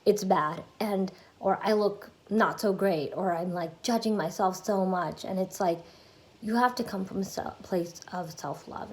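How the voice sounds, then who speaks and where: Woman youtuber talking self-love, kinda low voice, chatty and earnest. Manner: earnest, chatty, many fillers. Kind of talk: casual self-help talk to camera.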